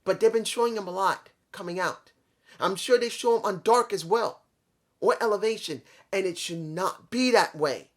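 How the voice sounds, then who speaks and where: A man's voice: high-pitched, moderate pace, a bit bright. A man reviewing a wrestling show in a casual vlog, rambling, repeating himself and talking straight to his viewers.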